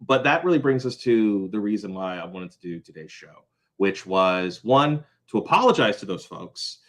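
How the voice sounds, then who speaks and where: A man's voice: on the low side, animated, normal speed, fairly bright tone. Rambling apologetic man in a vlog. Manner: rambling, apologetic, many fillers and restarts. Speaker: host of a small crafts business channel. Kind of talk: casual vlog update.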